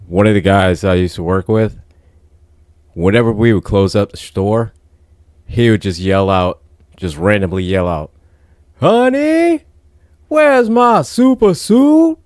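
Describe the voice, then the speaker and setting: A man's voice: low-pitched, a little slow, a little mellow, clean tone, no echo, studio quality. A man co-hosting a casual comedy chat show, mock-grumpy and laid back as he tells anecdotes. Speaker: co-host.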